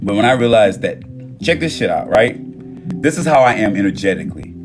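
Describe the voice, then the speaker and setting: A man with a lowish voice talks on a phone live stream, animated and profane, jumping from loud bursts to quiet murmurs. Music plays clearly behind him throughout. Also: a little fast. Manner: casual and profane. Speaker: TikTok live host. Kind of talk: casual motivational monologue.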